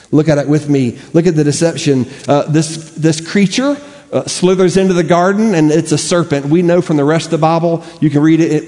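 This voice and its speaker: A man's voice: mid-range voice, mellow. Earnest male preacher in a reverberant hall. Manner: earnest, rhetorical questioning, emphatic repetition. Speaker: pastor. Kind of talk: sermon. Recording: long reverb of a large hall.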